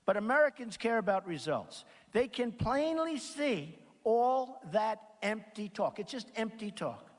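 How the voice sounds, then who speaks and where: High, lively-voiced guy rambling through a rally speech, big echoey hall. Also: a little slow, few pauses. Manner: rambling, repetitive, reads quotes then riffs off them. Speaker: campaign speaker. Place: large packed auditorium. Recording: long reverb of a big hall. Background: crowd in a large hall.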